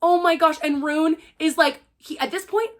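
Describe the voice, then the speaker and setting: High-voiced, excitable young woman. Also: normal speed. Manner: gushing, excitable, heavy use of "like". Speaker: book reviewer. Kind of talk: casual spoiler review chat.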